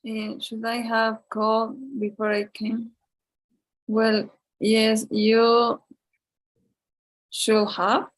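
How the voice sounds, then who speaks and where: A woman, a student in an online English class, reading a short dialogue slowly. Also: fairly high pitch, completely flat delivery, rough recording. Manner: slow, level reading.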